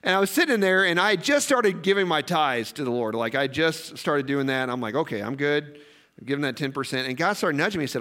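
A man preaching a sermon, telling stories in a conversational way with quick asides and questions to the congregation. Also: on the high side, sing-song, a bit bright. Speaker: pastor.

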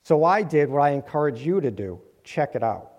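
A man's voice: on the high side, sing-song, normal speed, a little mellow. A man delivering an earnest sermon to his congregation, with light humorous asides. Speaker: preacher. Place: church sanctuary. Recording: long hall reverb.

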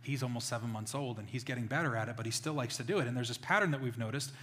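A man preaching a sermon as pastor, telling stories with loud exclamations and quiet asides. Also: mid-range voice, racing. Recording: reverberant hall.

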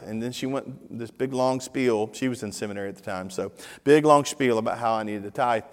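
A middle-aged man preaching a sermon as a lively storyteller, acting out the dialogue of the people in his story. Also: mid-range voice, fairly quick. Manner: animated storyteller, acts out dialogue. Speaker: pastor. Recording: long hall reverb.

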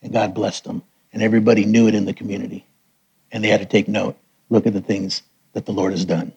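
A middle-aged man preaching, telling personal testimony stories with lively quoted voices. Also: fast talker, slightly rough, lo-fi sound. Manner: animated storyteller, raises pitch for quoted voices. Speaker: missionary preacher. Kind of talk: sermon testimony storytelling.

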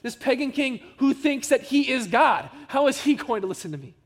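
Man doing a doubting Moses, exasperated, incredulous questions, high male voice. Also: big pitch swings, brisk, in a large hall, full character voice. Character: doubting, reluctant Moses pleading with God.

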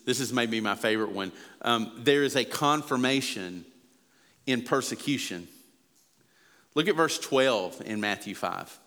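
Emphatic male pastor in reverberant hall. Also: fairly bright tone. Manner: earnest, emphatic preaching that builds in pitch and volume. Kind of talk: sermon.

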